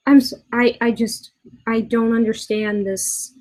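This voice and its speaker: A woman's voice: fairly high pitch, lively intonation, dark tone, husky, rough recording. A woman in her twenties ranting in a commentary video, exasperated and swearing, stumbling over restarts, at her boyfriend's house. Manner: exasperated, halting with many restarts, swears often. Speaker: vlogger.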